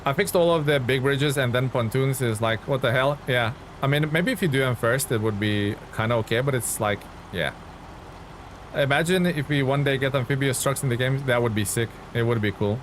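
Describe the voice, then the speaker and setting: A man's voice: mid-range voice, fairly quick, slight background noise. A young man streaming a driving game, chatting casually and answering viewers' comments as he plays. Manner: chatty, reads chat aloud and answers viewers.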